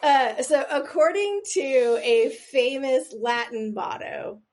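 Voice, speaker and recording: A woman's voice: sits high, expressive, takes it slowly, darkish tone. A woman co-hosting a podcast, running a quiz in a rambling, self-deprecating way with jokey asides, sometimes leaning back from the microphone. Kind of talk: casual podcast chat.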